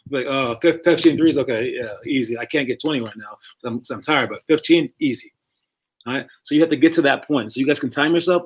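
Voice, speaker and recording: A man coaching young basketball players on a live stream, talking casually and rambling, repeating phrases for emphasis. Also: medium pitch.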